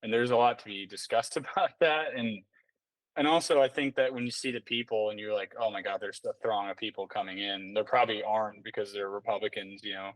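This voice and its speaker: A man's voice: lowish voice, fairly even intonation, a little fast, no room sound. A man talking as a podcast guest in casual chat, rambling and filling his talk with "like" and restarts. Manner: rambling, filler-heavy, many restarts and "like"s. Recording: dry sound, somewhat distant mic.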